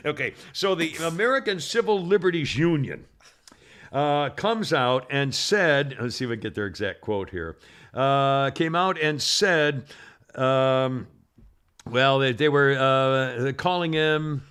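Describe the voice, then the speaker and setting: A man hosting a podcast, chatting about the news in a rambling, halting way with frequent laughs. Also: medium pitch, expressive, fairly bright tone, smooth. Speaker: podcast host. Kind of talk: casual political chat.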